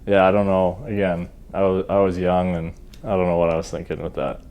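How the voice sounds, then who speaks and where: A Canadian man in his thirties, a hockey goalie talking as a podcast guest in a relaxed, self-deprecating way with many ums and uhs. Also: deep voice, brisk, clear, resonant tone. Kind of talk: relaxed interview chat.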